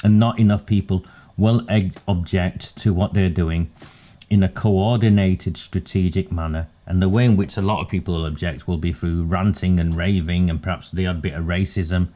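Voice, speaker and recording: A man hosting a political commentary livestream, speaking in a deep, low register. His tone is dark and mellow. He talks earnestly and pointedly, with the occasional wry aside. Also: fairly even intonation, normal speed.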